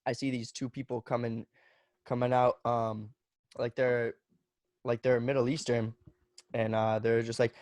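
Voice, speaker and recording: A young man in his twenties rambles through a story as a podcast guest, casual and profane, dropping "like" and "bro" constantly. His voice sits at an ordinary middle pitch. The recording is dry, with no room echo. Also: flat delivery, a little slow, pauses often, a little mellow. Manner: loose and profane, heavy on "like" and "bro". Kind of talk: casual chat.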